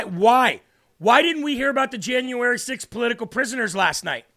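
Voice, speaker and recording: An animated American man runs a live political commentary stream, firing off mocking asides and rapid rhetorical questions. His voice sits high and bright, with a gravelly edge that comes through often.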